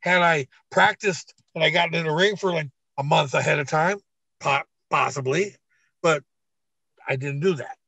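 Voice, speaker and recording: A middle-aged man, a retired wrestler, telling a story in a blunt, profane, animated way on an interview podcast. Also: fairly high pitch, moderate pace, gravelly, no room sound. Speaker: retired pro wrestler guest. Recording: dull, dry lo-fi recording.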